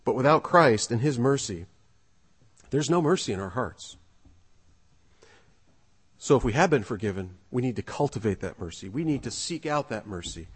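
A man delivers a sermon with a middle-pitched voice, talking in an earnest, conversational storytelling manner. His voice rings out with a long reverb, as if in a large hall. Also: lively intonation, moderate pace, long pauses, husky. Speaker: pastor.

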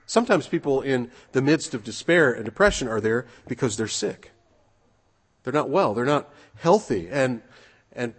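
A man delivering a sermon in a husky, slightly breathy voice. He preaches earnestly, reads scripture aloud and presses his points with rhetorical questions. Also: medium pitch.

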